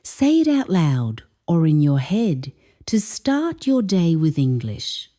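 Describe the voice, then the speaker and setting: A woman reading a scripted lesson narration as an English teacher, explaining phrases deliberately. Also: lowish voice, very animated, warm tone.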